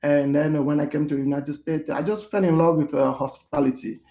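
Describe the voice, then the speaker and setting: A man's voice: on the high side, steady tone, fairly quick, gravelly, mellow, echoey room. A middle-aged man from Cameroon, a podcast guest speaking casually, with many hesitant fillers and restarts. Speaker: podcast guest, hotel manager. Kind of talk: casual interview conversation.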